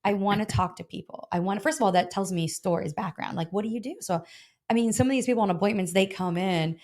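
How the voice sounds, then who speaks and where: A woman's voice: medium pitch, fast talker, darkish tone. A middle-aged woman, a health insurance broker, telling stories in a casual interview and acting out both sides of her phone calls.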